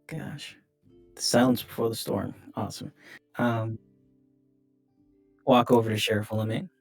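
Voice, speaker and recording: Low-voiced man thinking aloud in a tabletop game. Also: fairly even intonation, unhurried, vocal fry, faint music behind. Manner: hesitant, thinking aloud with fillers. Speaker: player.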